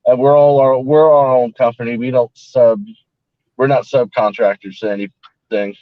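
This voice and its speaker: A man's voice: mid-range voice, steady tone, moderate pace, no room sound, phone-quality sound. A man talking as a guest in a casual panel chat, hesitant and full of fillers, over a video call. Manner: hesitant, fills with "like" and "uh".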